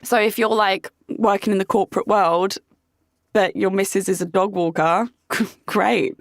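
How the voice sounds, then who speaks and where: A woman's voice: medium pitch, steady tone, measured pace, vocal fry, no echo, clean studio sound. A young adult woman hosting a casual solo podcast, talking frankly and chattily, swearing freely and saying "like" often. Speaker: podcast host.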